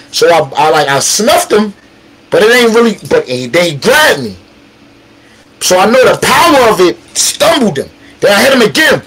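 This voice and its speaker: A man tells a story in an animated, slangy way, acting out what each person said and punctuating the action with sound effects. His voice is fairly high and husky, and his pitch leaps around a lot. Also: low-quality recording. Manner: acts out quotes, slangy street talk, emphatic sound effects. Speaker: battle rapper telling a story.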